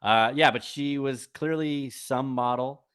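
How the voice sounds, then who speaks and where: A man's voice: mid-range voice, a little slow, a bit bright, clean tone. A man co-hosting a podcast in casual chat, recapping episodes in a dry, wry way. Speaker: podcast co-host.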